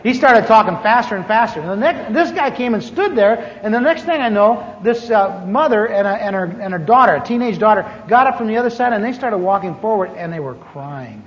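This older man's humorous testimony comes quickly and with few pauses, his voice high-pitched. He's an animated storyteller who plays out the conversations himself. Faint hiss, a dull lo-fi quality, and hall echo mark the recording.

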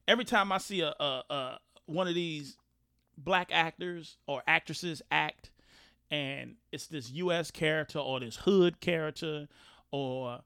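A man hosting a podcast, talking in an animated, rambling way with many restarts. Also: a little high, unhurried, creaky, smooth, no room sound, clean studio sound. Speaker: podcast host. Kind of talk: casual podcast talk.

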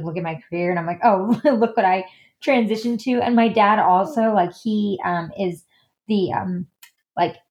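A woman's voice: lowish voice, a little mellow, dull audio. A woman guest in a casual podcast interview, chatty and full of "like" and "um" fillers. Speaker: guest, stylist and designer.

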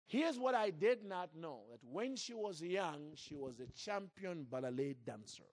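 A man preaching a sermon into a microphone in church, telling a story in a lively, acted-out way. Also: a little high, unhurried, few pauses, no room sound, clean studio sound. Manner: animated, acts out scenes and jokes with the crowd. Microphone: handheld or stand mic.

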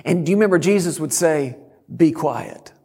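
A middle-aged man preaching a sermon, telling a story and breaking into sudden loud shouts. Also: on the high side, normal speed, husky, in a large hall. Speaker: guest preacher.

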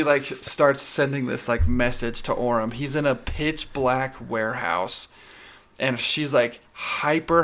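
A man's voice: mid-range voice, fairly bright tone. A man co-hosting a podcast, chatting casually and enthusiastically, laughing as he retells scenes. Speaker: podcast co-host. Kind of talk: casual chat.

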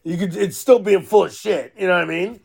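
A man, a podcast host and father, telling profane, animated stories in casual chat with lots of fillers. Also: sits high, fairly quick, vocal fry.

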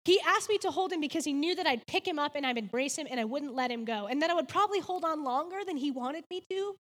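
A woman in her thirties speaks in a high, bright voice, giving a heartfelt faith devotional. She tells her story earnestly and drops in casual "like"s. A long reverb hangs behind her words.

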